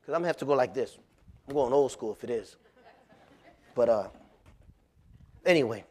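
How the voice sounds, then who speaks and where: Speaking at a moderate pace with a medium-pitched voice, a male pastor delivers a folksy, plainspoken sermon. His storytelling is animated and punctuated by frequent laughter.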